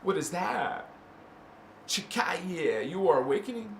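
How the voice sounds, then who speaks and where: A man hosting a casual spiritual talk to camera, playful and slangy, swinging between loud bursts and hushed murmurs and chanting made-up syllables. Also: high voice, very animated, unhurried, vocal fry. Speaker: spiritual channel host. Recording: echoey room with faint ambient noise.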